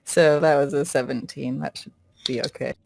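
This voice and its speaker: A tabletop player narrating their character's moves in a gravelly voice. They speak slowly and hesitantly, with many pauses and fillers. Their pitch is mid-range. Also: fairly even intonation, slight background noise. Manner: hesitant, many fillers, laughs at own ideas. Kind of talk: casual play-by-play of a character's actions.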